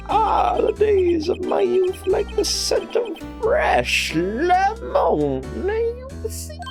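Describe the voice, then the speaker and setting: A pompous old lawyer, high and slow. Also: male voice, vocal fry, darkish tone, full character voice. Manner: high, drawn-out, sing-song delivery. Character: pompous old male lawyer, reminiscing, theatrical.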